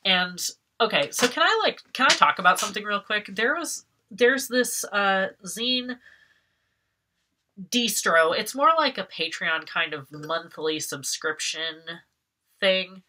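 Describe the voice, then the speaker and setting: Bright, excitable woman vlogger. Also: medium pitch, unhurried. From Massachusetts. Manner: excitable, laughs often, swears when ranting. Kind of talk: casual unboxing commentary.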